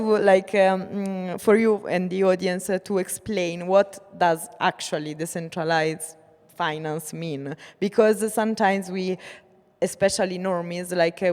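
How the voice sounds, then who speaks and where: A woman moderating a conference panel, asking her questions hesitantly with many pauses and filler words. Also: on the low side, steady tone, darkish tone. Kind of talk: panel discussion. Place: conference stage. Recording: echoey conference hall.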